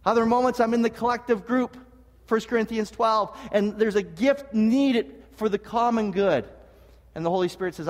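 A man preaching a sermon as pastor, earnest and animated, with humorous asides and frequent restarts. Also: high-pitched, moderate pace. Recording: long reverb of a large hall.

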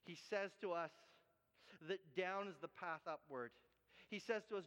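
High-voiced male preacher in an echoing hall. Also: measured pace. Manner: animated, acts out Bible characters, repeats words. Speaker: pastor. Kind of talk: sermon. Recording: long hall reverb.

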